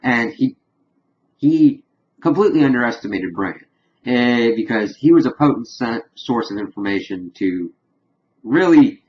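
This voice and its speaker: Young man recapping a show, dull audio. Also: lowish voice. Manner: animated retelling, lightly acting out characters' lines. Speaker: TV show reviewer. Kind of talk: casual spoken recap and review.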